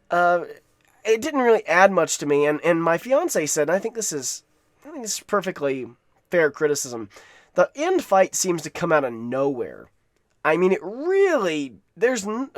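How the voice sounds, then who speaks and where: A man's voice: a little high, no echo, clean studio sound. A man giving a casual, rambling spoken movie review, with frequent restarts and asides. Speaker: film reviewer.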